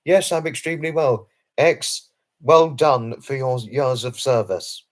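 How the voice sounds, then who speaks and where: Late at night, a male livestream host responds to his chat at a measured pace in a mid-range voice. His manner is earnest, formal and effusive, with lots of repetition and apologies.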